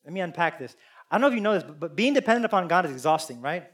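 A man preaching a sermon, earnest and confessional, swinging between loud appeals and hushed asides. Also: on the high side, big pitch swings, very fast. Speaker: pastor.

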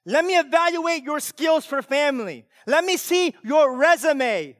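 A pastor preaching a sermon with emphatic delivery that swings from loud to hushed. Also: male voice, very high voice, animated, unhurried, dry recording, studio quality.

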